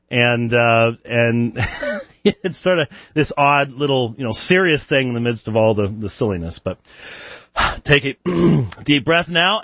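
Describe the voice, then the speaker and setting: A man's voice: mid-range voice, no room sound, lo-fi sound. A man hosting a live call-in show, chatting loosely with chuckles and answering Bible questions. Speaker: radio show host.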